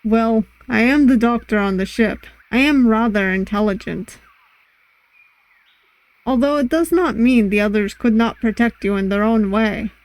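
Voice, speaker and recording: A woman voicing a shy, reserved masked ship's doctor in an amateur Russian accent, speaking formally and haltingly. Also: on the high side, a little mellow, no echo, natural voice, poor audio.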